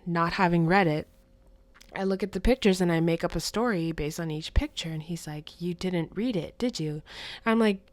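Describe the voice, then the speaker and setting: A young woman hosting her own podcast, chatting casually and acting out childhood moments with playful quotes. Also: fairly low pitch. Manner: chatty, animated retelling with playful acted-out quotes. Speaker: podcast host. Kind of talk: casual solo podcast storytelling.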